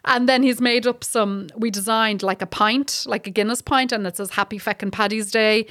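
A middle-aged Irish woman, a guest comedian, chatting casually on a podcast and telling animated stories with frequent laughter. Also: on the high side, normal speed, dry recording, studio quality. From Ireland. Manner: animated storytelling, laughing often.

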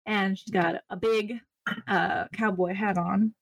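A woman describes her tabletop character in a chatty, giggly way. Her voice sits at an everyday mid pitch. The sound is dry. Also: fairly even intonation, slow pace, creaky, dry recording. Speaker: player.

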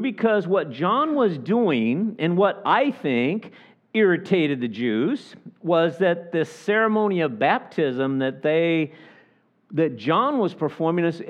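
Animated pastor preaching a sermon. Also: male voice, a little high, highs cut off. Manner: animated, acts out the people he quotes.

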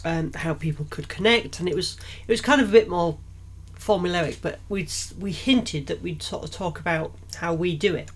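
A woman's voice: lowish voice, moderate pace, hardly any pauses, husky. A woman co-hosting a casual faith podcast, chatty and rambling, often laughing between thoughts. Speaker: podcast co-host.

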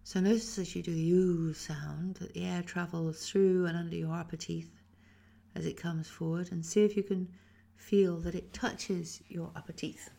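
An English woman guiding a Feldenkrais lesson, speaking slowly and softly with many whispered phrases, her voice tired after a weekend of talking. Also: on the low side, fairly even intonation, gravelly. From England. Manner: slow, soft-spoken guiding with frequent whispered phrases. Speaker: Feldenkrais teacher. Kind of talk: guided movement lesson.

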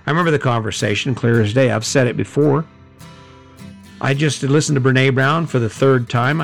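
A middle-aged man giving a high-energy, conversational motivational talk, often correcting himself mid-sentence. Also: creaky. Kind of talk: motivational monologue.

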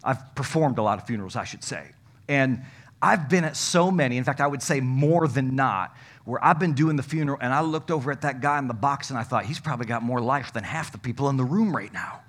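A male pastor preaching a sermon, emphatic and folksy, joking with the congregation and swinging from loud to hushed. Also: mid-range voice, a little fast.

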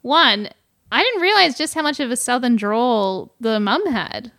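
A woman's voice: on the high side, animated, a little slow, pushed and bright. A woman co-hosting a casual film-review podcast, chatty and giggly as she recaps scenes. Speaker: podcast co-host.

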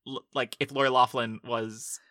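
A man's voice: medium pitch, level tone, moderate pace, bright, forceful tone, dry recording, clean studio sound. A man co-hosting a casual film podcast, rambling with lots of fillers and restarts. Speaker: podcast co-host.

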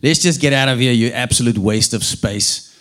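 A man putting on a cruel peasant stepfather from a fairy-tale reading, snarling and scornful. He sounds sharply contemptuous and impatient, with a middling male pitch. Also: normal speed, a bit bright, natural voice.

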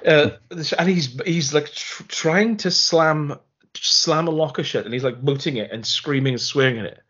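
Animated man reviewing a horror film. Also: mid-range voice. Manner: animated storyteller, retells scenes with laughing asides. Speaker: podcast co-host. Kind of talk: casual film review chat. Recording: slightly muffled podcast audio.

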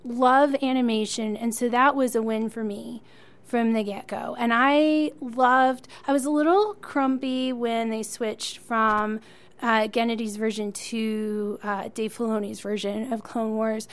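A woman's voice: fairly high pitch, steady tone, measured pace. A woman co-hosting a podcast, chatting enthusiastically as a fan and laughing often. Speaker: podcast co-host. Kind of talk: casual chat.

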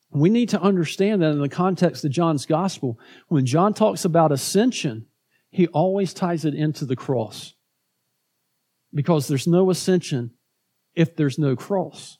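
A pastor preaching a conversational sermon, often repeating words and tagging points with "right?". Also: male voice, a little high, darkish tone.

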